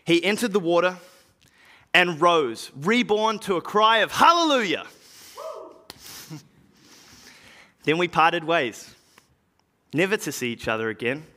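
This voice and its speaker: A man performs an earnest early evangelist recounting his journey in a church drama monologue. His voice is bright and lively, with a lot of rise and fall, and he speaks slowly, with weighty pauses. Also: fairly high pitch. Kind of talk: dramatic first-person monologue.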